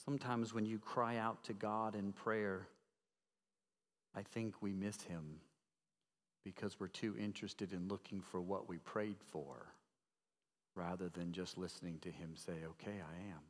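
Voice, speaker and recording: A male pastor preaching a sermon, emphatic, swinging from loud declarations to hushed tones and putting questions to the congregation. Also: deep voice, fairly even intonation, unhurried. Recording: long reverb of a large hall.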